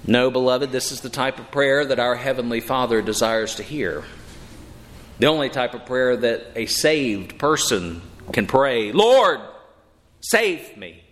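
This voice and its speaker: A dramatic preacher in a reverberant hall. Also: male voice, medium pitch, fairly bright tone. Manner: dramatic, emphatic delivery with slow drawn-out phrases and sudden rises. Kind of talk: sermon.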